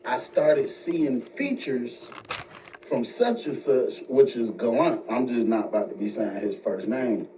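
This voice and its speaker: Guy telling a story kinda far from the mic, dark tone, voice jumps up when he quotes folks. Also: a little slow. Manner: animated retelling, jumps high when quoting others. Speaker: storyteller in played video. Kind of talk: casual storytelling. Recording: distant mic with faint noise.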